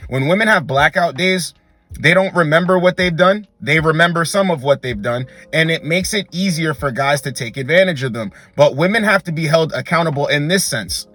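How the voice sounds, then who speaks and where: A man's voice: a little high, pushed and bright. A young man hosting a dating advice monologue, blunt and emphatic, repeatedly calling the listener bro. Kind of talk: direct-to-camera advice monologue.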